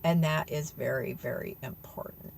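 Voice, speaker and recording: A woman's voice: low voice, normal speed, gravelly. A woman telling viewers a story in an earnest, tearful way, calling them y'all. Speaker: vlogger.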